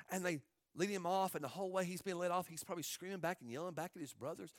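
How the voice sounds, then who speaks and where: A male pastor delivering an impassioned sermon with a high, bright voice that cuts through. His delivery rises from quiet, low asides to loud, climbing peaks. The sound is dry and close, with no room around it. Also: quick pace, no room sound. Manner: impassioned preaching, swinging from hushed to shouting.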